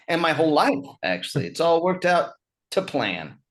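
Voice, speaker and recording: A man's voice: fairly high pitch, big pitch swings, normal speed. A man in his fifties from Utah, a stand-up comedian chatting as a guest on a video call, wry and self-mocking, laughing often. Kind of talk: casual chat over a video call.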